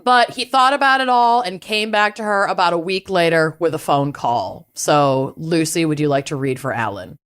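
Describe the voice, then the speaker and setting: A woman podcast host telling a case in a lively, laughing storytelling manner. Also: fairly low pitch, moderate pace, few pauses, clean tone. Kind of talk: casual chat.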